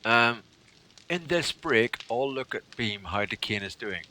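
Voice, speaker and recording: Brief: male game streamer, casual chat, bright tone, lively intonation. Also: medium pitch, measured pace. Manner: reads chat aloud and thanks followers, joking.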